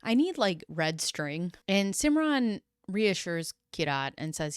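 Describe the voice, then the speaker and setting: A woman's voice: on the low side, lively intonation, unhurried, few pauses, clear, resonant tone, no echo, clean studio sound. A woman recapping a true-crime story in a casual, chatty way, with dramatic flair and playful asides. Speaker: YouTube commentator.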